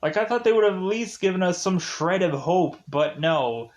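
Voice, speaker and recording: A man's voice: high voice, animated, normal speed. A young man casually recapping a film, rambling with many fillers and acting out the characters' lines. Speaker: film reviewer.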